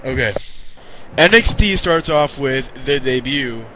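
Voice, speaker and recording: A man's voice: mid-range voice, animated, unhurried, sharp tone, a little hiss or hum, rough recording. A man hosting a wrestling podcast in casual chat, laid-back and swearing freely. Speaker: podcast host.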